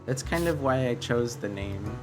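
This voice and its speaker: A man's voice: medium pitch, animated, moderate pace. A man casually streaming a game, thinking aloud and reading chat, often repeating himself. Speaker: livestreamer. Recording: guitar music playing under voice.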